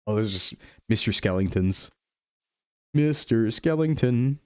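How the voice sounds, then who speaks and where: A young man chatting casually while streaming a game, playful and quick to drop into goofy voices. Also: on the low side, expressive, a little mellow, smooth, no room sound, clean studio sound. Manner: playful, jumps into goofy voices and dub impressions. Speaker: VTuber streamer. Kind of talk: casual gaming chat.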